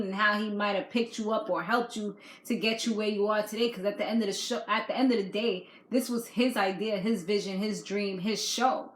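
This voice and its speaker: A woman giving a casual video recap of a reality show, chatty and animated, full of fillers. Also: medium pitch, echoey room, poor audio.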